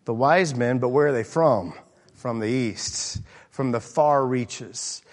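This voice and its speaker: A middle-aged pastor preaching an earnest sermon, often pausing with fillers and restarts. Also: male voice, mid-range voice. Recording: hall reverb.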